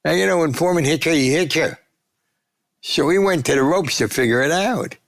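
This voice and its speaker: Man in his nineties, gravelly voice, animated storyteller, acts out quoted voices. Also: fairly high pitch, a little fast. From United States. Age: 90s. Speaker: guest sportswriter. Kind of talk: storytelling interview.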